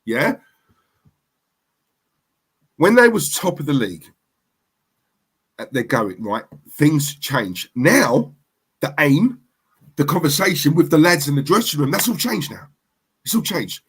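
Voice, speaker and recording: A man's voice: a little high, sing-song, measured pace, pauses often, a bit bright, husky. A man ranting to camera as a football fan vlogger, heated and emphatic, repeating himself for effect.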